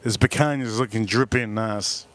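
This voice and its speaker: A man's voice: on the low side, fairly quick, fairly bright tone. A man hosting a casual live stream while cooking at a grill, talking bluntly and swearing as he gets frustrated. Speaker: livestream host cooking and drinking.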